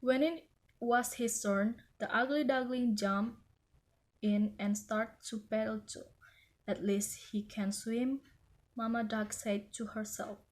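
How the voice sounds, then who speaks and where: A woman reading a children's picture story aloud in a gentle, measured way. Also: on the high side, steady tone.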